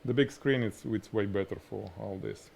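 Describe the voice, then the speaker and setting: A man with a strong Russian accent whose first language is Russian, teaching product photography on a live stream in an animated, demonstrating way. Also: lowish voice, normal speed, gravelly, a little hiss or hum. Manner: animated, explains by demonstrating, laughs at himself. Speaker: photography instructor.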